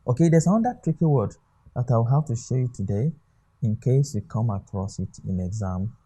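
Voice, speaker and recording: A man's voice: medium pitch, lively intonation, normal speed, mellow, breathy edge. A man with a Nigerian English accent teaching an exam-prep lesson, often asking rhetorical questions and checking "okay?". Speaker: English tutor.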